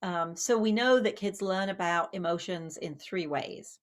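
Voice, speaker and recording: A woman with a lowish, slightly slow voice, a child psychologist and author, gives a conversational public talk on parenting. She uses many fillers and often corrects herself.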